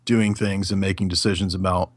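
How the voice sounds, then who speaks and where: A man who is a guest on a podcast, talking through his film analysis in a casual, animated way with frequent fillers. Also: low-pitched, a little fast.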